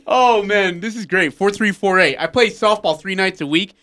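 This sports radio co-host has a high, sharp-toned voice and a measured pace. Bantering casually in the studio, he wanders through a long story and chuckles at his own jokes.

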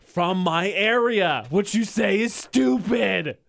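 A woman co-hosting a podcast, teasing the others and quick to laugh. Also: mid-range voice, lively intonation, vocal fry. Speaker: podcast co-host. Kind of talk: casual chat.

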